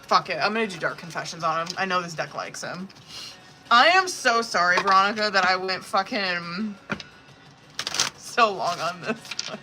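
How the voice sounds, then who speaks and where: A woman reading tarot cards on a live stream, blunt and expressive, swearing freely as she talks the viewer through each card. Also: fairly low pitch, moderate pace, music in the background. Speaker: tarot reader.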